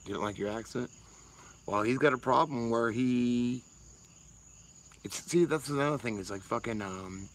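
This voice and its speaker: A man's voice: medium pitch, normal speed, long pauses, low-quality recording. A man, rambling casually and swearing freely on a livestream while answering chat. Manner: rambling, profane, laid-back.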